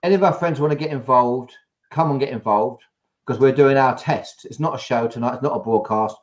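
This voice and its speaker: A chatty English man hosting a loose live-stream test with friends. He jokes and laughs easily, his voice at an ordinary middle pitch, picked up through a video-call mic. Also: brisk. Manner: chatty, jokey, laughs often. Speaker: show host. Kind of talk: casual live-stream chat.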